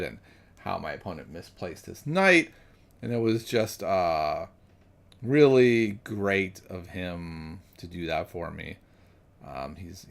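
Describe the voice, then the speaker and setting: A man's voice: deep voice, vocal fry. A man thinking aloud as he solves chess puzzles, musing and correcting himself, then chatting with viewers. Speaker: chess streamer.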